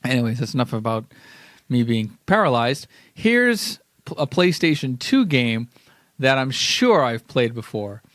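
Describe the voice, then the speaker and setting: A man's voice: mid-range voice, sing-song, unhurried, fairly bright tone, dry recording, clean studio sound. A man co-hosting a podcast in casual comedic chat, sarcastic and mocking himself. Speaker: podcast co-host.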